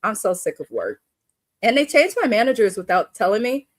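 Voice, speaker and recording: A woman's voice: medium pitch, big pitch swings, brisk, no echo. A woman hosting a casual live stream, talking bluntly and animatedly with frequent cursing and laughter. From Bay Area. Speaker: live show host.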